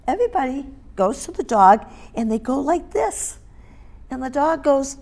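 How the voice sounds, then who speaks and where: Her voice sits high and mellow, swinging widely in pitch at a normal pace, as this middle-aged dog grooming and training instructor gives a hands-on demonstration. She stresses and repeats the main points and keeps checking in with listeners.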